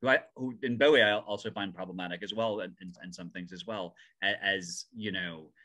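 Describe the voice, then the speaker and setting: Jasno brzmiący mężczyzna, jąkający się. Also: male voice, sits low, pushed and bright. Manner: halting, many restarts and stammers. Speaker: podcast host. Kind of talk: casual interview.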